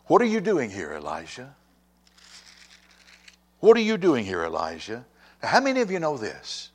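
Preaching man swinging from loud to hushed. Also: mid-range voice. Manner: preaching with big swings in loudness, rising to ringing emphasis and dropping to a hush. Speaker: pastor. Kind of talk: sermon.

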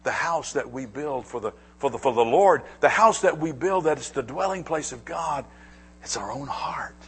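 A male pastor preaching a sermon, dropping to hushed asides and rising to emphatic declarations. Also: mid-range voice, lively intonation, moderate pace, husky.

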